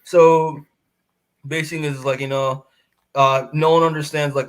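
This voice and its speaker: A man's voice: a little high, level tone, normal speed, pauses often, clear, resonant tone. Rambling man recapping a comic. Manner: rambling recap full of fillers and acted-out quotes. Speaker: podcast co-host. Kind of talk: casual comic book review chat.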